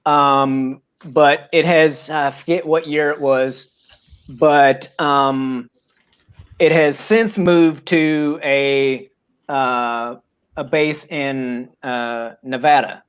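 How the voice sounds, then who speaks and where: Male co-host, middling pitch, loose joking delivery with hesitations and swearing, mouth full of popcorn. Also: steady tone, extremely slow, clean tone. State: eating popcorn. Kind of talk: casual chat.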